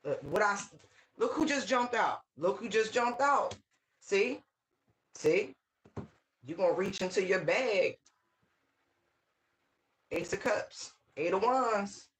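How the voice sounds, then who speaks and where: A tarot reader channels a casual reading straight to the viewer, full of excited exclamations, emphatic repetition, and frequent "right?" check-ins. She speaks at a middle pitch but slowly, pausing often, over a faint hiss in rough audio.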